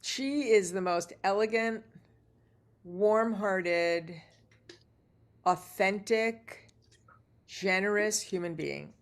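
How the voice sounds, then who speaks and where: A middle-aged actress telling lively anecdotes as a guest, acting out the dialogue she quotes. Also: mid-range voice, very slow, long pauses. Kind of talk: casual interview storytelling.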